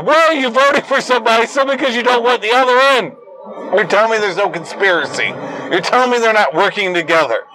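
A young adult man hosting his own show, delivering an angry, profane solo rant that bursts into yelling at its peaks. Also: high voice, fast, a little hiss or hum, poor audio. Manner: profane, combative and ranting. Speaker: host.

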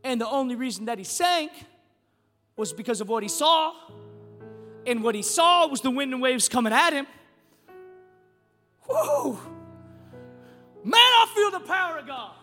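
A middle-aged man, a pastor preaching a sermon in an animated way, moving from quiet storytelling to shouting. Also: extremely high pitch, normal speed, long reverb tail, faint music behind.

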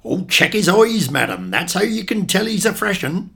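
A fussy, nervous mother, put on by a male storyteller, her pitch lifted and swinging widely. The fretting, exaggerated manner carries over a gravelly undertone. She fusses and second-guesses in a high, animated voice. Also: a little slow, exaggerated voice. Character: fussy nervous mother, middle-aged woman.

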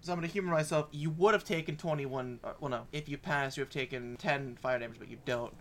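A man running a tabletop game as game master, making brisk, profane, self-mocking rulings. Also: mid-range voice, fairly bright tone.

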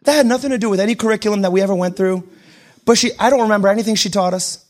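A young adult man preaching a sermon, switching between shouted declarations and quiet, joking asides. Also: sits high, racing. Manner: self-deprecating humor. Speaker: pastor.

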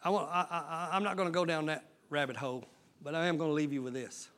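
A male pastor preaching a sermon, swelling into loud shouted passages. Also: on the high side, steady tone, fast talker. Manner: preaching with sudden shouted surges and folksy Southern-style talk.

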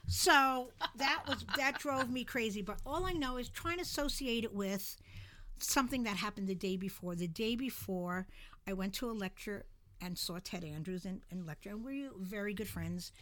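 Animated storytelling woman. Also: medium pitch, moderate pace. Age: middle-aged. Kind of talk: casual storytelling chat.

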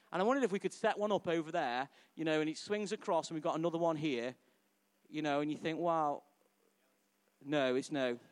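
A middle-aged pastor delivers a sermon in a lively, chatty style, often turning to the congregation with questions. His voice sits a little higher than most men's. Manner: animated, conversational preaching with questions to the congregation.

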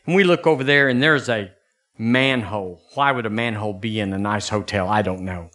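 Folksy pastor, bright voice. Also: male voice, fairly quick. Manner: folksy, animated preaching with sudden high bursts. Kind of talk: sermon.

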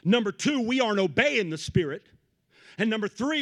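A man preaching a Pentecostal sermon, swinging from low asides to shouted peaks and repeating phrases in a rhythmic build. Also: very animated, moderate pace. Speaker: pastor.

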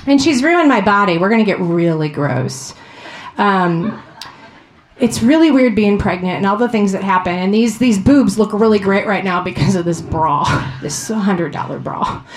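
A woman in her thirties from Ohio doing a profane, animated stand-up comedy set. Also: medium pitch, moderate pace, echoey room, a little hiss or hum. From Ohio, USA.

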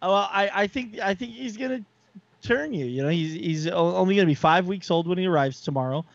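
A man's voice: high voice, lively intonation, a little fast, creaky, dry recording, lo-fi sound. A man co-hosting a podcast in casual chat, enthusiastic and rambling with lots of fillers. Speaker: podcast co-host.

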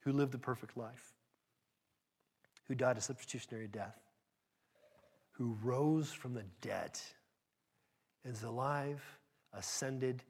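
Slow and husky, with long pauses, a mid-range male voice carries an emphatic sermon aimed directly at the congregation. It shifts back and forth between loud emphasis and softly spoken asides.

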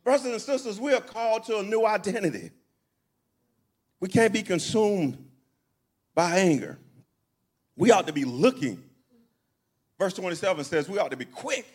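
A man with a high voice delivers a sermon in a church. He preaches in a folksy, conversational way, repeating his phrases and asking the congregation questions to draw them in. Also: animated, normal speed, long pauses, darkish tone. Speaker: pastor. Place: church sanctuary.

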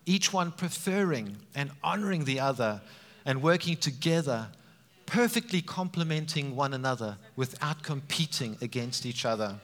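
A man preaching a sermon, animated and emphatic, with frequent rises for emphasis. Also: medium pitch, normal speed. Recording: reverberant hall sound.

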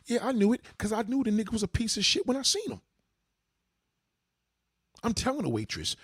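A man hosting a livestream, delivering a profane, heated rant at his chat and swinging from low mutters to high outbursts. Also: sing-song, fast, slightly rough, no room sound, clean studio sound. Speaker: livestream host. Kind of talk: ranting monologue to a live chat.

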